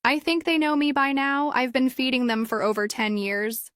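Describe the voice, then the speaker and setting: A woman's voice: sits high, steady tone, fairly bright tone, no echo, clean studio sound, voice pushed up. Woman voicing a kind older man on a park bench. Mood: warm. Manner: slow and clear. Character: friendly kind older male neighbor feeding birds.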